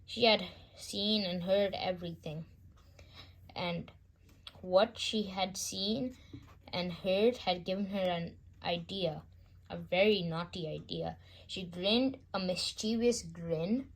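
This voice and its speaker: A woman reading a children's bedtime story aloud, gentle and unhurried, with small slips. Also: fairly low pitch.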